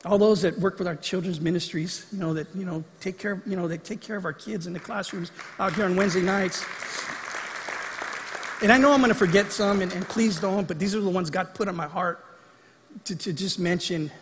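A male pastor preaching a sermon in a church, lively and acting out the lines he quotes. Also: high-pitched, a little fast, in a large hall, some chatter behind, a little hiss or hum. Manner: animated, acts out quoted lines. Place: church sanctuary.

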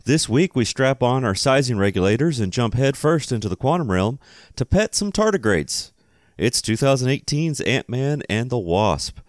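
A man's voice: mid-range voice, big pitch swings, moderate pace, hardly any pauses, no echo, clean studio sound. A man hosting a podcast, opening the episode with a jokey scripted intro. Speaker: podcast host.

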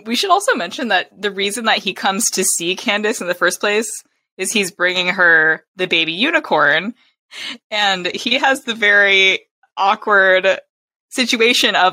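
A woman with a low, bright and forceful voice talks through a book with her co-hosts. She is chatty and quick to laugh, and she acts out lines from the story. The sound is close and dry. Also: no echo. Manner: lively, chatty, with frequent laughter and acted-out quotes. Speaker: book podcast co-host. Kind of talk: casual book-club chat.

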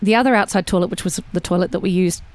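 A woman's voice: lowish voice, racing, darkish tone. An Australian woman guest chatting casually, telling rambling stories from her country childhood with frequent laughs. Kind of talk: casual chat.

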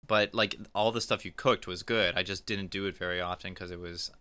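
A man's voice: low-pitched, fairly even intonation, a little fast, pushed and bright. A man co-hosting a podcast, chatting casually about video games and rambling a little with lots of "like". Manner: rambling, many likes. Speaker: podcast co-host. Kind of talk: casual chat.

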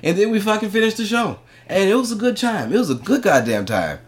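Male podcast co-host and comic, casual and profane, does animated high-pitched bits when he quotes people. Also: quick pace, slight background noise. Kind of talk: casual storytelling.

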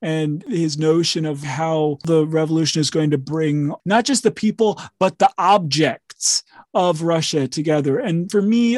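A man's voice: on the high side, darkish tone, no echo, studio quality. A man hosting a podcast as a professor, explaining ideas in an enthusiastic, rambling, casual academic way.

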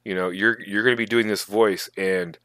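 A man co-hosting a casual podcast, talking in animated, emphatic bursts. His fairly low voice has a bright, forceful edge. The recording is dry, with no room sound. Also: moderate pace, dry recording. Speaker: podcast co-host. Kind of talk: casual chat about tabletop gaming.

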